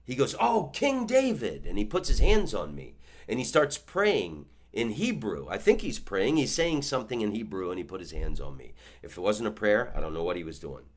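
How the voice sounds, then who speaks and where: A man in his fifties, a comedian and podcast host, telling a story in a monologue with animated delivery and stammering restarts. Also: on the low side, brisk. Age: 50s.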